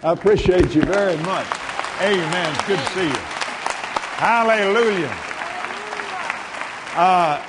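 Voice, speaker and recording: At a moderate pace and in a high voice, the older man delivers an exclamatory sermon, shouting hallelujahs and praises as he prays and speaks to the congregation. Heavy background noise fills the recording, along with the reverberant sound and crowd ambience of the large church hall.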